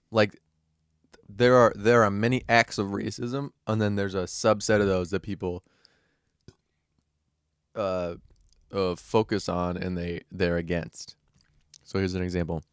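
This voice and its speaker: A man's voice: sits low, fairly even intonation, a little slow, long pauses, smooth, no room sound, clean studio sound. An American man co-hosting a casual podcast chat, hesitant and full of ums, often rephrasing his questions. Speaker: podcast co-host.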